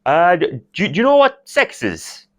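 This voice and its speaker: Kerry dad, gruff, mumbling, halting, as a woman puts him on. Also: fairly low pitch, huge pitch swings, pitched above the performer's own voice. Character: gruff Irish father of few words.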